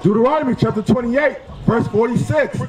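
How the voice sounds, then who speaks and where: A man reading Bible verses aloud on a city street, slow and measured. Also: extremely high pitch, low-quality recording. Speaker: scripture reader.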